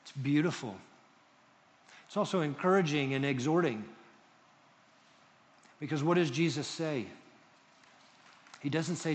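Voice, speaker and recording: Expressive preacher in an echoing hall. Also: male voice, a little high, unhurried, long pauses. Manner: expressive, swings between loud emphasis and hushed tones. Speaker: pastor. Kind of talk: sermon. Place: church hall with congregation.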